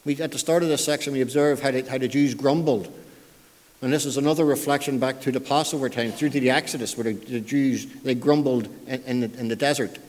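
A man delivers a sermon in a plain, mid-pitched voice. His delivery is conversational and full of restarts. A long hall reverb trails each phrase. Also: fairly even intonation, fast talker, a little mellow. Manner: conversational, repeats words, dialect grammar. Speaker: preacher. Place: church.

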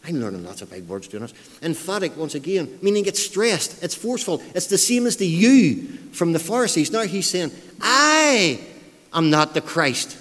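A preacher whose voice sits a little high for a man delivers a very animated, fairly quick sermon, echoing with the long reverb of a large hall. He's emphatic, repeating key phrases for stress and tossing in wry remarks about himself.

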